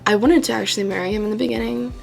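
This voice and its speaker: A woman's voice: medium pitch, fairly even intonation, rapid-fire, vocal fry, soft background music. A young woman ranking game characters in a casual, chatty way, full of fillers and swearing freely. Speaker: gaming YouTuber.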